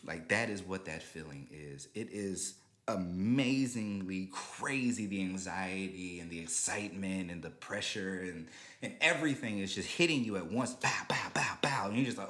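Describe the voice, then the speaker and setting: A man hosting a podcast, telling a story in a casual, animated, slangy way and talking straight to his listeners. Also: sits low, echoey room. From Georgia, US. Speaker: podcast host.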